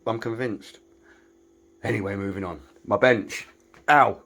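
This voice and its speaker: A British man with a fairly low voice talks casually, filming a tour of his small garage workshop. His delivery is chatty and self-mocking, with dry humor. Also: a little slow. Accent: British English. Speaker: woodworking maker giving a shop tour. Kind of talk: casual vlog walkthrough.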